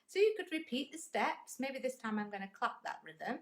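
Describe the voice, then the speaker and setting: A woman teaching music in a patient, encouraging way. Her voice sits a little high and swings widely in pitch as she explains each step. She counts rhythms aloud as she teaches. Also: big pitch swings, a little fast, hardly any pauses, a little hiss or hum. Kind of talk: instructional music lesson.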